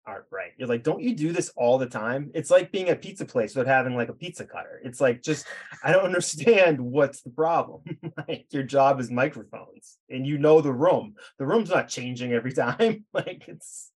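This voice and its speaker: A man's voice: medium pitch, lively intonation, moderate pace, husky. A man with a mid-range voice hosts a casual podcast conversation. He talks in an easygoing, loose way, with chuckling asides as he goes. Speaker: podcast host.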